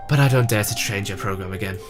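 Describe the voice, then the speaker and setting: A man's voice: fairly low pitch, fast, over music, close to an everyday voice. A man putting on a remorseful teen girl president. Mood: confessional. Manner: emotional, breaking into tears. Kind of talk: fan voice reading of a game.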